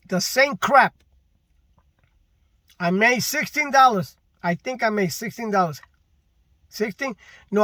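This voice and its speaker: A man's voice: high-pitched, sharp tone, no echo. A delivery driver ranting in a casual vlog, frustrated and repetitive, stressing his complaints with emphasis.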